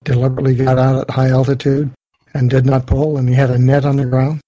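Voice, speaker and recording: Mellow-voiced man telling stories. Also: mid-range voice, completely flat delivery, fast talker, no echo. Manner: easygoing storyteller, frequent "you know". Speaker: podcast co-host. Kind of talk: casual podcast chat.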